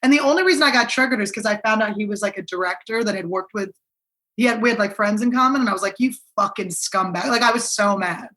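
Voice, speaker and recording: Woman, 30s, comedian guest; frank and sweary, bright voice. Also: fast talker. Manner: candid, swearing, drops low and quiet at the ends of thoughts. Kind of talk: casual chat.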